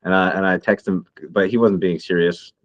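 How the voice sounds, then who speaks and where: A man's voice: low voice, steady tone, normal speed, no echo. Swearing man in his thirties, heated. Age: 30s. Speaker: podcast co-host. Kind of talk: casual chat.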